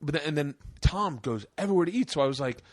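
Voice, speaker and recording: A man's voice: a little high, quick pace, no echo, clean studio sound. A man in his forties hosting a podcast, telling profane stories in casual chat. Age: 40s. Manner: animated, profane storyteller. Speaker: podcast host.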